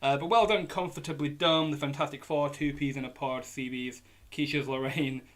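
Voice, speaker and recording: Young male quiz host, Yorkshire accent, upbeat and casual, voice on the higher side. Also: fairly even intonation. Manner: chatty, jokey, reads options slowly. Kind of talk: live online pub quiz hosting. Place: indoors at home on a hot day.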